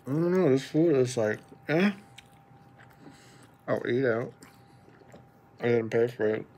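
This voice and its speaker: A man's voice: mid-range voice, animated, takes it slowly, dark tone, slight background noise. A young man vlogging at home, chatting casually and rambling about his day and his cat. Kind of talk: casual chat to camera. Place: at home, pet cat nearby.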